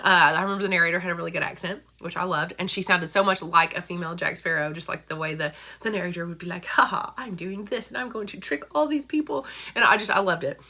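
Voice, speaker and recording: A woman's voice: fairly low pitch, pushed and bright. A woman, chatting casually about books and laughing often. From Kentucky, USA. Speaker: school librarian and book vlogger. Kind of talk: casual chat.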